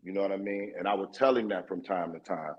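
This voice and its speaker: A man, a guest in a casual interview, telling a story in a streetwise and profane way, getting more animated as he goes. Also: low-pitched, quick pace, breathy edge, dull audio.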